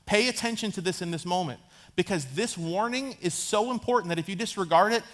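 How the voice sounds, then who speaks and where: A man's voice: sits high, brisk, fairly bright tone. A man in his thirties preaching a sermon as a pastor, conversational, acting out Bible characters in casual asides. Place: church sanctuary.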